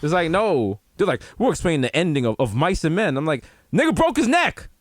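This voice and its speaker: A man co-hosting a podcast from home, trading casual comedic banter and acting out quoted voices with an animated delivery. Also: a little high, fairly quick, dry recording, studio quality. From the Bronx, New York. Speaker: podcast co-host.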